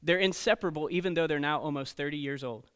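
A man preaching to teenagers as a youth pastor, telling stories in an animated way and checking in often with "okay?" and "right?". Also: a little high, quick pace, smooth. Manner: storytelling, animated, frequent "okay?" and "right?" asides. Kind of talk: sermon to teenagers.

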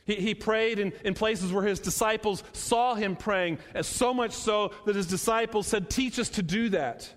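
High-voiced preacher in a reverberant hall. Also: male voice, fairly even intonation. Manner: emphatic, repeats phrases, slows to stress words. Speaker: pastor. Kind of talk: sermon.

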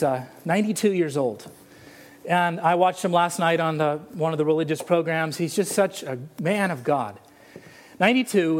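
A male pastor preaching a sermon in a church, mixing storytelling and humor. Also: high-pitched. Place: church sanctuary.

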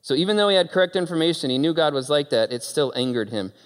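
Animated male preacher in a reverberant hall. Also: fairly high pitch, fast talker. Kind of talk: sermon.

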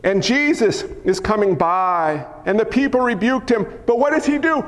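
A man's voice: very high-pitched, expressive, normal speed, hardly any pauses. A man preaching a sermon as a dramatic story, with repeated lists and rhetorical questions, sometimes dropping to a whisper. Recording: long hall reverb.

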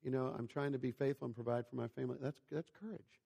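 Gravelly man preaching in a hall. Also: mid-range voice, steady tone, fast talker, mellow. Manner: storytelling, conversational, rhetorical questions to listeners. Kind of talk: sermon. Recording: long hall reverb.

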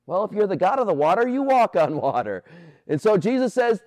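Lively, animated pastor preaching. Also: male voice, fairly quick, dry recording. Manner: animated, playful voices for quoted characters; drops to a soft, low voice on key points. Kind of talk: sermon.

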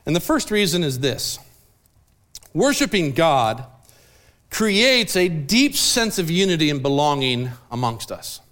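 Joking pastor with a high voice. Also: male voice, big pitch swings, unhurried, fairly bright tone. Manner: casual, joking storyteller acting out people's lines. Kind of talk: sermon. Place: church sanctuary.

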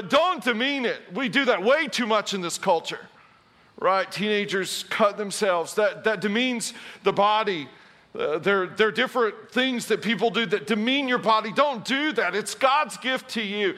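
A man's voice: high voice, pushed and bright. A middle-aged man preaching a sermon, telling funny self-deprecating stories before turning to scripture. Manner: storytelling, self-deprecating humor. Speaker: pastor.

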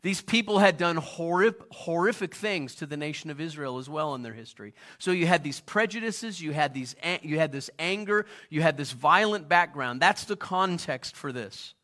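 A middle-aged pastor delivering a sermon with a bright, forceful voice pitched a little high. He talks in a conversational way and keeps turning to the congregation with questions like he's chatting with them. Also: lively intonation, normal speed, few pauses.

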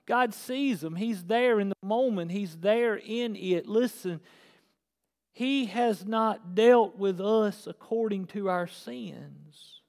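A male pastor preaching a sermon, swinging between hushed and shouted passages. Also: high voice, takes it slowly. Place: church sanctuary. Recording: echoey church hall.

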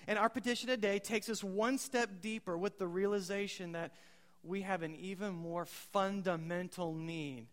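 A long reverb from a large church hall follows the words of a pastor whose voice is strikingly high. He preaches conversationally and at ease, questioning his congregation and dropping quoted one-liners.

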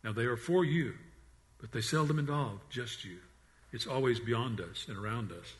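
With a mid-range voice and a normal pace, this pastor preaches with earnest conviction, often repeating and restarting his words. On the quiet lines he drops to a hush.

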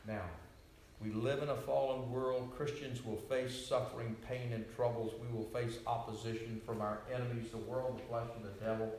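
A man preaching a sermon, swinging between loud, ringing declarations and quiet, hushed asides. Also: medium pitch, flat delivery, normal speed, a little hiss or hum. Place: retreat meeting hall. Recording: echoey room, voice from far off.

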